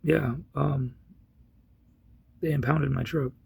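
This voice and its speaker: A man with a gravelly, husky voice casually telling a long personal story, rambling with many restarts and getting loud when he retells his own yelling. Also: mid-range voice, fairly even intonation, slow, dry recording.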